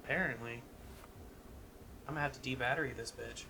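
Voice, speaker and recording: A man co-hosting a podcast, casually pitching a comedy script with profanity and lots of restarts. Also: steady tone, fairly quick, vocal fry, sharp tone, breathy edge. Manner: rambling, profane, frequent restarts. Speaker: podcast co-host.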